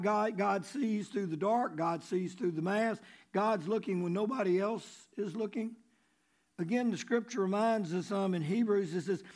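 A man preaching a sermon in a conversational way, repeating key phrases and dropping low before rising for emphasis. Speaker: pastor.

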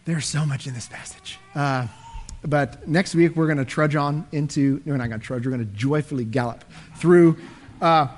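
High-voiced animated male preacher. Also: normal speed. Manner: animated, swinging between loud and hushed. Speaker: pastor. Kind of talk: sermon.

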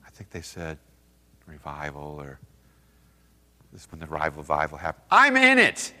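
A man's voice: very deep voice, flat delivery, moderate pace, fairly bright tone. A man telling stories at a men's seminar, acting out both sides of his conversations. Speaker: seminar speaker. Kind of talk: storytelling talk to a men's group. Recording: long hall reverb.

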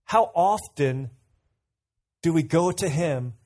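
A man preaching a sermon in a relaxed, chatty way, with a voice pitched a little high. He keeps turning to listeners with direct questions. He tells everyday stories to make his points. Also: slow. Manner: conversational, asks the audience questions, tells anecdotes.

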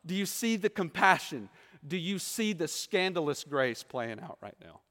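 A man's voice: on the high side, very animated, moderate pace, fairly bright tone. A man preaching a sermon, asking the listeners rhetorical questions and acting out the quoted voices. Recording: long hall reverb.

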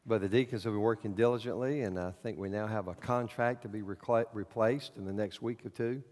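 A male pastor preaching a sermon to his congregation in a church, in a folksy, halting way with many fillers. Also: on the low side, fairly even intonation, darkish tone, long reverb tail. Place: church sanctuary.

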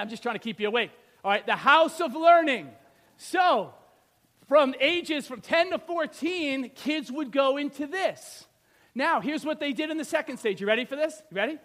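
A man in his thirties preaching a sermon, animated, with many rhetorical questions and little acted-out scenes. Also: extremely high pitch. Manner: animated, rhetorical questions, acts out biblical figures.

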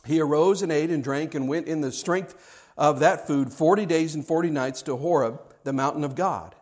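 A man's voice: on the high side, normal speed, darkish tone. A man preaching a sermon, reading scripture aloud and explaining it with conversational asides and repeated words.

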